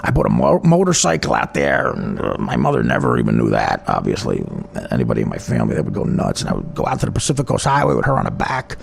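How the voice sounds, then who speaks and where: A man's voice: very deep voice, wildly swooping pitch, fast talker, gravelly, slight background noise. A man with a New Jersey accent, a comedian telling a personal story in a rambling, profane, self-mocking way.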